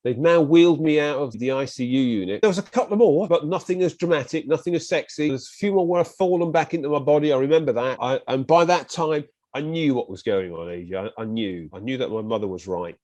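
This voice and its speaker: A British podcast guest with a voice on the high side retells his story fast and vividly in casual conversation, hardly pausing and acting out what others said in animated bursts. He speaks British English, and there's no echo.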